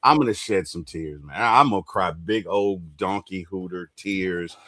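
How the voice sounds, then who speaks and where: A man's voice: deep voice, moderate pace, no room sound, studio quality. A man hosting a casual sports fan livestream, talking with rising emotion about his team. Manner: emotional, voice swelling when excited. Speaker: podcast host.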